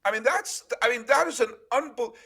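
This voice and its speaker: A man hosting a casual sports podcast, chatting in an animated, storytelling way. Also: very high-pitched, fairly quick, gravelly, husky. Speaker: podcast host.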